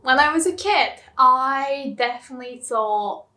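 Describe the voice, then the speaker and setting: Bright, slow-paced Japanese woman. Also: sits high. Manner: playful, laughs often. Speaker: Japanese language teacher. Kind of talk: casual video lesson.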